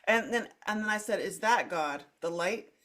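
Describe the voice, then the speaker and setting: Animated middle-aged woman telling a wild story. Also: medium pitch, normal speed. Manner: animated, dramatic swings in loudness, acts out her own quoted lines; frequent "like" fillers and restarts, laughs through speech. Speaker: podcast host. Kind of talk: candid conversational storytelling.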